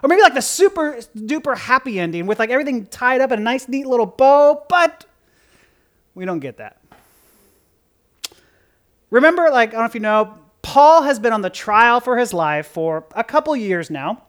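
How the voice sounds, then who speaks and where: A pastor giving a casual, joking sermon, moving from quiet asides to loud outbursts. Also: mid-range voice, big pitch swings, normal speed.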